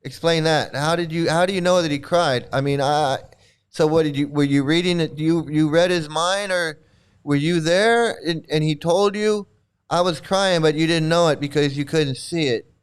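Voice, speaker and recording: Man, live stream host, sarcastic commentary, mocking, rambling, high voice, smooth clear tone. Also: normal speed. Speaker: channel host.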